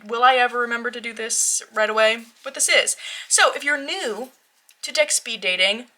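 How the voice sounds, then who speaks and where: A woman's voice: a little high, normal speed, sharp tone. A young woman hosting a tarot vlog, chatting casually in a bubbly, giggly, rambling way that keeps interrupting itself. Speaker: tarot channel host.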